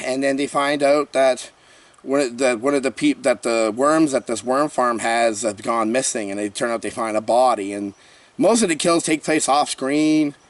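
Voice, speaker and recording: A man's voice: mid-range voice, no room sound, distant mic. A man giving a rambling, jokey horror movie review, breaking into panicked screaming skits. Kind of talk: comedic movie review vlog.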